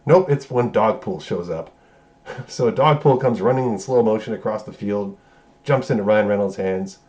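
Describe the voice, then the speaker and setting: A man's voice: fairly low pitch, normal speed, a little mellow. A man reviewing a movie, casually recapping scenes in a loose, profane way and correcting himself as he goes. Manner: loose, profane, rambling retelling with self-corrections.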